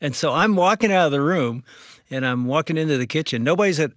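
Animated older man telling a story. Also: on the high side, fast, no echo, clean studio sound. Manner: animated, self-mocking storyteller. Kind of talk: storytelling in conversation.

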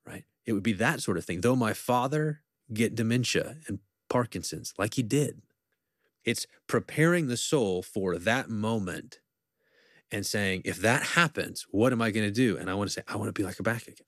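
A man's voice: fairly low pitch, animated, normal speed, no room sound, clean studio sound. A man, a professor and podcast guest, talking earnestly and reflectively in an interview and quoting scripture at length. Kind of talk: conversational interview talk.

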